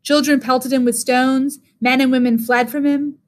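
Teacher lady reading a story out loud, kinda high voice, steady and expressive. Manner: measured, expressive.

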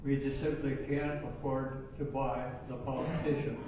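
A man in his nineties giving a sermon in a church, talking in a plain, unhurried way. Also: medium pitch, fairly even intonation, background noise. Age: 90s. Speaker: church speaker. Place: church sanctuary. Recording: echoey hall, voice from far off.

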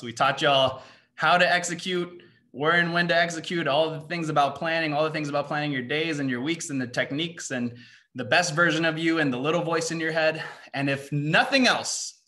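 A young man with a fairly high, bright and forceful voice addresses students at a motivational seminar. As a mindset coach, he fires off rhetorical questions in rapid succession and keeps closing his points with "right?"

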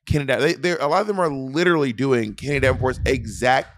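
A man's voice: mid-range voice, no room sound. Playful man chatting on a video call. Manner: playful, teasing, halting with many restarts. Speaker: podcast co-host. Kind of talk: casual review chat.

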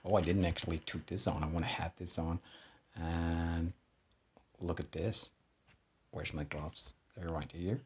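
Man, slow drawl, lowish voice, jittery gameplay commentary, swears a lot. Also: steady tone, husky. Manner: jittery, swearing, talks to himself. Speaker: gameplay streamer.

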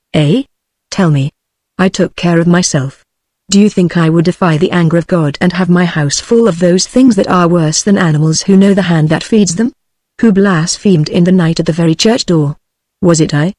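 A British woman's text-to-speech voice reading the part of a grim, bitter young peasant woman in a flat, level way. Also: lowish voice, dry recording, studio quality, close to an everyday voice. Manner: flat, level synthetic delivery.

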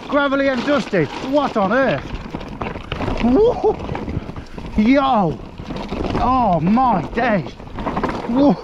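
Guy, helmet-cam bike vlog, unhurried shouts and laughs, muffled audio with loud trail noise outdoors. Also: very high-pitched, big pitch swings. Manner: exclaiming and laughing, breathless bursts. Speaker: mountain biker filming his ride. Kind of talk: excited ride commentary. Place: outdoors on a wooded hill trail. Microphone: helmet camera.

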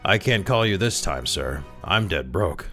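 A man's voice: low voice, animated, measured pace, music in the background. A man reading a story aloud and voicing a small, frightened man who speaks in a quavering way. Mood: fearful.

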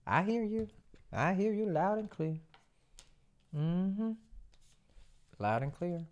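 Low-voiced woman giving a tarot reading. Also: sing-song, takes it slowly, long pauses, a little mellow. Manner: conversational, rhetorical questions, musing hums. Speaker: tarot reader.

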